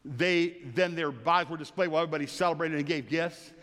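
A man preaching a sermon in a church, telling the story with animated energy and laughter. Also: a little high, quick pace. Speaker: pastor. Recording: long reverb of a large hall.

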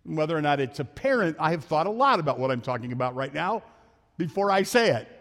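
A man preaching a sermon as pastor, talking fast and telling jokes in a church sanctuary. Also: fairly high pitch, lively intonation, fairly bright tone. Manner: fast-talking, joking storyteller. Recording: long hall reverb.

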